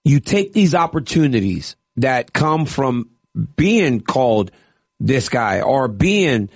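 A man's voice: medium pitch, big pitch swings, takes it slowly, no room sound, studio quality. A man co-hosting a sports radio show as a fight analyst, talking in an earnest, reflective way and often asking "right?".

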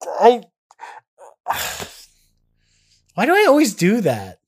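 A man co-hosting a casual podcast, excitable and self-mocking, often tripping over his words. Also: extremely high pitch, very slow, slightly rough. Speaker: podcast co-host.

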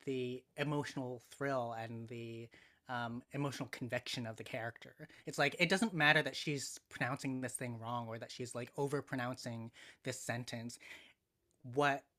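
Male podcast guest, bright and forceful, measured and reflective, many pauses. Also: mid-range voice, fairly even intonation. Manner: thoughtful, measured, frequent ums and pauses. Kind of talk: casual conversational analysis.

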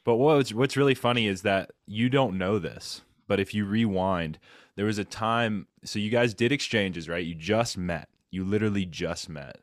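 A man hosting a casual chat, retelling a story with lively quoted voices and many fillers. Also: fairly low pitch, normal speed, no room sound, studio quality. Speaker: podcast host, fellow cyclist.

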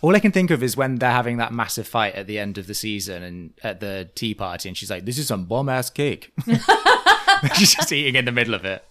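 Lively-voiced man chatting. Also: fairly low pitch, quick pace. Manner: animated, reads quotes aloud with emphasis. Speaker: podcast co-host. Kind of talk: casual chat.

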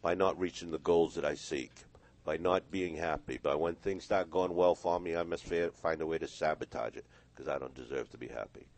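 Deep-voiced man, a hypnotist guest. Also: brisk, darkish tone. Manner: storytelling, acts out quoted voices. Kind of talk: radio interview. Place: radio studio.

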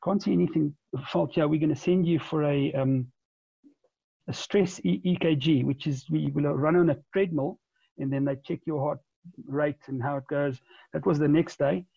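A man in his forties, a podcast guest, tells a long conversational story, often stumbling over repeated words and restarting. His gravelly, husky voice is pitched a little high with a dark, mellow, steady tone at a moderate pace. The recording is dull, lo-fi and dry.

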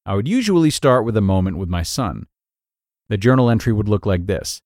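A man hosting a podcast who reads a blog post aloud in an earnest, measured way, then comments on it. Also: on the low side, sing-song, darkish tone, no echo, clean studio sound. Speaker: podcast host.

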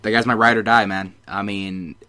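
A man hosting a podcast, earnest and halting, with many fillers. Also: fairly low pitch, flat delivery, bright, forceful tone, smooth. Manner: earnest, hesitant, lots of fillers. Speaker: podcast host. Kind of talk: casual podcast interview.

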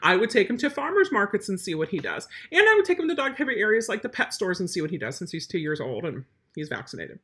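Blunt husky-voiced woman dog trainer. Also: mid-range voice, sing-song, fast, hardly any pauses, bright, forceful tone. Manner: blunt, emphatic, matter-of-fact. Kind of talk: live Q&A advice on dog training.

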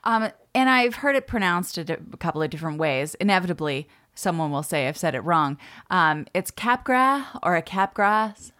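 A woman's voice: low-pitched, a little fast, a bit bright. A woman co-hosting a podcast from home, chatting casually, playful and self-mocking, laughing often. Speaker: podcast co-host. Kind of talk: casual chat. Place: home, by the deck doors.

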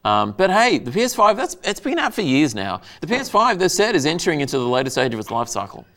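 A man's voice: on the high side, very animated, fast, a bit bright. A man hosting a casual comedy podcast, rambling and hesitant with many ums as he reads out notes and thanks patrons. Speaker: podcast host.

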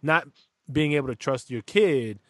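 A man chatting casually as a father, rambling and profane in animated stories. His voice sits at a middling pitch. The sound is dry and close, with no room echo. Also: moderate pace. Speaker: podcast host and father. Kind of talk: casual chat.

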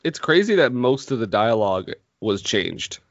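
A man's voice: fairly low pitch, sing-song, normal speed, no echo, dull audio. A man co-hosting a casual film podcast, playful and teasing, laughing often. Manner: playful, laughs often, teases his co-host. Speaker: podcast co-host.

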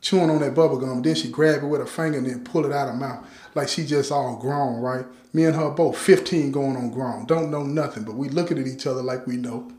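A man's voice: medium pitch, a little fast, darkish tone, roomy sound. A man from Chicago recounting his life story to listeners in street slang, often turning to address them directly. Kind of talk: personal life story told to an audience.

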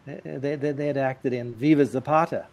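A man telling lively, comic anecdotes as an interview guest. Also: mid-range voice, a little fast. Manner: lively, animated, comic timing. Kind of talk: anecdotal storytelling.

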